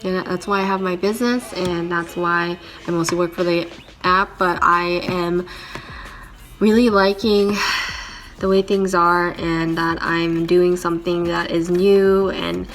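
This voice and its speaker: Slow, reflective young woman vlogger. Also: fairly low pitch, fairly even intonation, soft background music. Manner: reflective, halting, many fillers. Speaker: vlogger, handywoman. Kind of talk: casual talking-to-camera vlog.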